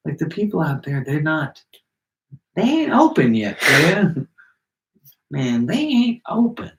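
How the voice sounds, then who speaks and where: A man's voice: fairly high pitch, very animated, slow, gravelly, noisy background. Man on a podcast in an echoey room. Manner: loose and joking, slips into mimicked voices. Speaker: podcast co-host. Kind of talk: casual chat. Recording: echoey room, distant mic.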